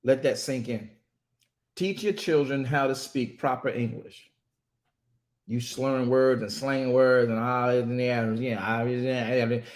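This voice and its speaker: A talk show host who is also a minister preaches emphatically, drawing out words to stress them and quoting voices. His voice is medium in pitch and steady in tone.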